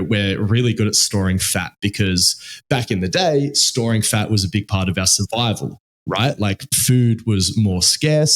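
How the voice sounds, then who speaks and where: An Australian man co-hosting a podcast in loose, casual chat, swearing freely and full of fillers and restarts. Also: fairly low pitch. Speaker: podcast co-host.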